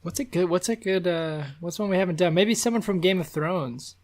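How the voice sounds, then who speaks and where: Male podcast co-host, relaxed and jokey, trips over his words. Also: high-pitched, brisk. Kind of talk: casual chat.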